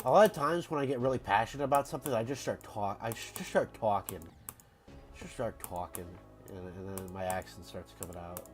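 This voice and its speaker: With soft music in the background, a stuffed-up man with a cold rambles through casual chat on his game stream, often restarting sentences and repeating words. He speaks a little fast, his voice on the low side.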